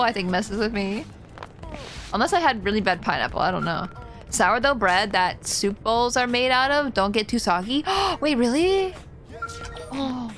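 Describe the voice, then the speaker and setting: A young woman streaming a video game, chatting casually with her viewers, excitable and giggly as she reacts to what happens on screen. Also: medium pitch. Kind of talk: casual gameplay commentary.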